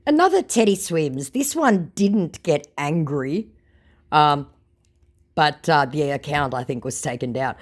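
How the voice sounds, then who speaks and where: Sarcastic low-voiced woman storyteller. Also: lively intonation, unhurried. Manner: mocking, sarcastic. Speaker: scambaiter narrator.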